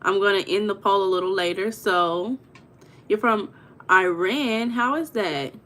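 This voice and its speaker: A young woman hosting a casual livestream, chatting with viewers, greeting them by name and telling stories with lively emphasis. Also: medium pitch, measured pace. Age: young adult. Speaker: livestream host.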